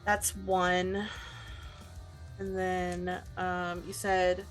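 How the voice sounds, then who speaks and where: A woman's voice: on the low side, monotone, drawn-out words, soft background music. A woman playing a tabletop role-playing game who chats casually and laughs at her own moves. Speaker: player.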